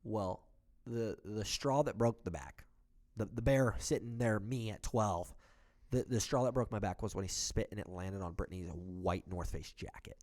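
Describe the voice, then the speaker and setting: A man's voice: fairly low pitch, moderate pace, darkish tone. A man co-hosting a casual podcast, telling a heated story with lots of swearing and acted-out quotes. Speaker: podcast co-host.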